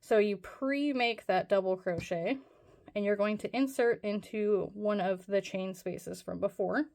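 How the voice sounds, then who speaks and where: A woman's voice: mid-range voice, measured pace, gravelly, a little mellow. A woman hosting a casual crochet tutorial, talking through each step in a rambling, self-deprecating way with plenty of fillers.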